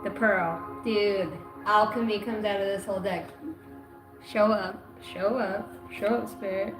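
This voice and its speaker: A woman's voice: medium pitch, steady tone, unhurried. Profane woman giving a livestream card reading. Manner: loose, profane, bursts into chanting. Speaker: intuitive card reader. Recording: roomy room with music behind.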